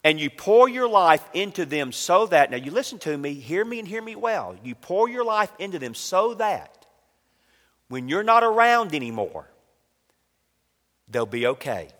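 A male pastor delivers a sermon from the pulpit, his mid-pitched voice trailing a long reverb through a large hall. He builds to loud, emphatic lines and then drops to a quiet storytelling tone.

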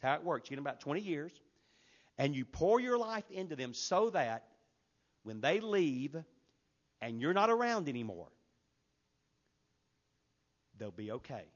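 A man's voice: a little high, very animated, unhurried, pauses often, muffled recording. Man preaching with emphatic swings. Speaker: pastor. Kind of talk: sermon.

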